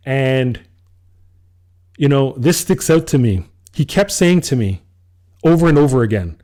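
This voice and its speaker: A man co-hosting a casual podcast, telling a personal story with a dark, mellow voice. He acts out what he said to people and breaks into laughter along the way. His pitch sits in an ordinary middle range for a man. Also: a little slow, long pauses. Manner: animated storyteller, acts out his own quoted lines, laughs often. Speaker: podcast co-host.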